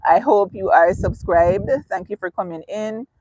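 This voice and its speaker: A woman's voice: mid-range voice, steady tone, unhurried, darkish tone, muffled recording, a little hiss or hum. A woman hosting a casual live stream, reading viewer comments aloud, chatty and laughing often. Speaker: livestream host.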